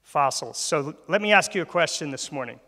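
Male church speaker with a fairly high, forceful voice who quizzes the audience. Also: animated, brisk. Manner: asks the audience questions. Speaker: guest speaker. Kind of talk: church talk. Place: church hall. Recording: long hall reverb.

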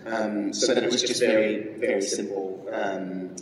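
A man on a convention panel, explaining things thoughtfully with frequent pauses and ums. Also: fairly low pitch, steady tone, noisy background. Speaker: actor panelist. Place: large indoor convention hall. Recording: echoey hall from far off with crowd.

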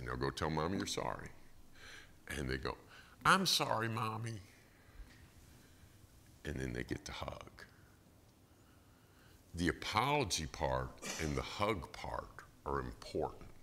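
Animated, bright-voiced middle-aged preacher. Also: male voice, low voice, a little hiss or hum. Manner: animated storytelling with acted quotes and chuckles. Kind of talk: sermon. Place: church.

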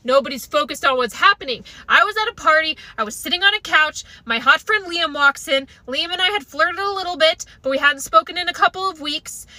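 Woman, young adult, comic storyteller, high pitched, very bright tone, self-mocking. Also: lively intonation, fairly quick, hardly any pauses, no room sound. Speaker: comedian.

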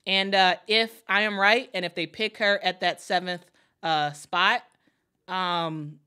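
A woman's voice: lowish voice, takes it slowly, clear, resonant tone. A woman from Chicago reacts live on her own sports channel. She gushes and repeats herself, calling on her viewers to cheer along with her. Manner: energetic, repetitive, hypes up viewers. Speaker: sports YouTuber. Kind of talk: excited live reaction vlog.

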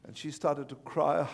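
A male pastor preaching a sermon at a church service, animated and repeatedly calling on the congregation to respond. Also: fairly high pitch. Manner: animated, calls for audience response.

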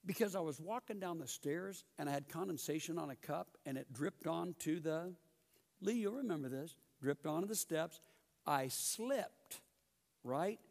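A middle-aged man teaching a Bible class in a church building, telling stories and questioning the class in a lively way. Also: a little high, a little slow, gravelly, big-room sound.

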